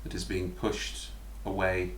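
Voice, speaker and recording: A British man running a tabletop game as dungeon master, narrating scenes slowly and vividly between bursts of laughter. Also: sits low, completely flat delivery. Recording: roomy echo, faint background noise.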